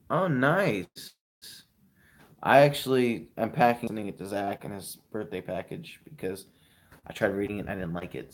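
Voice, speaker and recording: A young man in his twenties hosting a casual live stream, chatting with viewers and giving friendly advice. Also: lowish voice.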